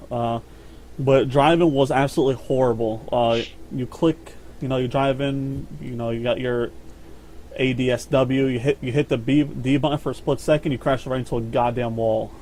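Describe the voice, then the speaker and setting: A man's voice: mid-range voice, darkish tone, slight background noise. A man hosting a casual podcast chat about games, rambling and swearing, often repeating his words. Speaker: podcast host.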